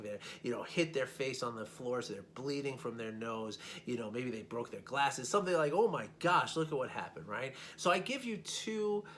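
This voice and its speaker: A man's voice: mid-range voice, a bit bright. A man working as a life coach who talks to listeners in a casual teaching manner, often checking in with "right?" and repeating words as he goes.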